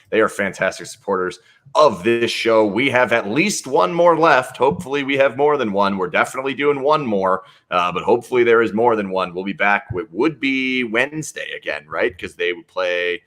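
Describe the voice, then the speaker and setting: A man's voice: lowish voice, animated, moderate pace, fairly bright tone. A man hosting a sports podcast, reading sponsors and signing off with wry, joking asides. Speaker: podcast host. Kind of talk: casual show sign-off.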